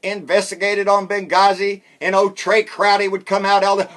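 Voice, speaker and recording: A man's voice: sits high, level tone, fast talker, few pauses, sharp tone. A man delivering a sarcastic, blunt political rant as host of his own show. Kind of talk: ranting political monologue.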